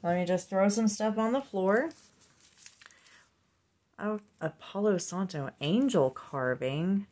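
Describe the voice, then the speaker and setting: A woman chatting softly as she unboxes a purchase, cooing and slipping into gentle whispers. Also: mid-range voice, a little hiss or hum. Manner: slow, soft-spoken, drifting into gentle whispers and coos. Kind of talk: casual unboxing chat.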